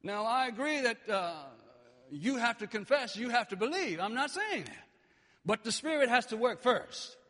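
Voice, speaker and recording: High-voiced impassioned male preacher. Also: lively intonation, normal speed, in a large hall. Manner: impassioned, swings between quiet and shouting. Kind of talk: sermon.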